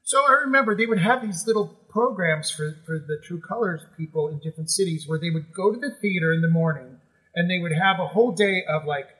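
A middle-aged man, a musical theater actor, telling emotional stories as a guest, animated and full of restarts. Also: sits high, quick pace, rough recording. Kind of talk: conversational storytelling.

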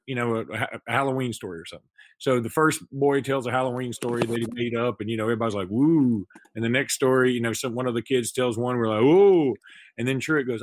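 A man co-hosting a podcast, telling a long anecdote in a rambling, animated way, full of restarts and fillers. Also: medium pitch, fast talker, dry recording. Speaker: podcast co-host. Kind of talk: casual storytelling chat.

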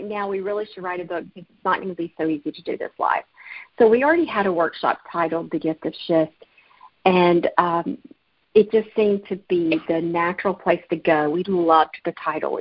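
A woman's voice: fairly low pitch, no echo. A woman author from Alabama, telling her story in an earnest, storytelling way during an interview and laughing easily. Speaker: author and guest. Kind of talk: interview conversation. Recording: muffled lo-fi remote audio.

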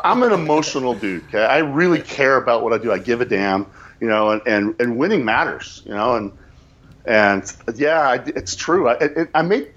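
A man's voice: mid-range voice, fairly bright tone, breathy edge, highs cut off. A man, a sales manager, telling a story in a casual, emphatic way and repeating phrases for effect.

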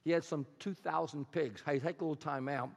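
High-voiced pastor preaching in a hall. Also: male voice, a little fast, gravelly. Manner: storytelling, animated, rising to emphasis. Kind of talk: sermon. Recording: long hall reverb.

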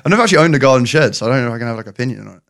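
A man's voice: medium pitch, lively intonation, very fast, vocal fry, fairly bright tone. A young man from England in casual podcast chat, teasing the others, laughing often and using British slang.

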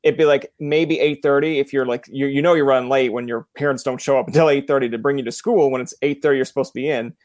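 A Newfoundland man hosts a relaxed interview, talking in long, looping, chatty stories. His voice sits at a middle pitch for a man and is recorded close and dry, with no room around it. He often drops into playful quoted voices mid-story. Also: fast, few pauses, dry recording. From Newfoundland, Canada. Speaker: podcast host. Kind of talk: casual interview chat.

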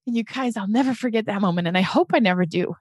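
A woman's voice: mid-range voice, fast talker, darkish tone, husky, no echo, clean studio sound. A middle-aged woman telling her story as a podcast guest, earnest and emotional, often addressing listeners as "you guys". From United States.

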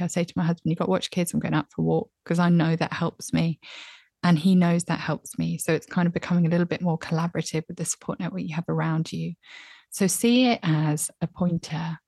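Earnest woman guest, low and dry. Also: vocal fry, slightly rough, dry recording. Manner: earnest, reflective, animated when recounting. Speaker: podcast guest. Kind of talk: candid conversational advice.

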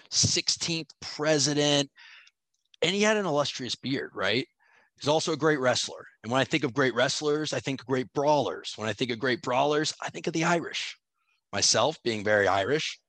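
A playful man riffs and jokes with his co-host on a podcast, his voice at an everyday middle pitch. The recording is dry and close, with no room sound. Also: fairly bright tone, no echo. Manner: jokey, playful, bro-ish banter. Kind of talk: casual chat.

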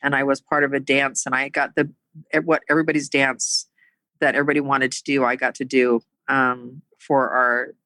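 A middle-aged woman telling her own life story in a halting, earnest way, with many pauses and fillers. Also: a bass voice, little pitch movement, pushed and bright, no room sound, low-quality recording. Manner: earnest and emotional. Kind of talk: personal storytelling.

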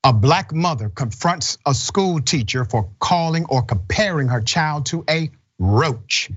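A man's voice: a little high, animated, unhurried, slightly rough, highs cut off. A man hosting a news commentary show, blunt and indignant as he reacts to clips. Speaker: host.

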